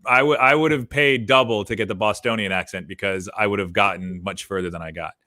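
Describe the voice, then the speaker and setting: Bright-toned man telling stories, animated. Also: lowish voice, a little fast, no room sound, clean studio sound. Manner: animated storytelling, gets heated. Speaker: podcast co-host. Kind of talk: casual chat.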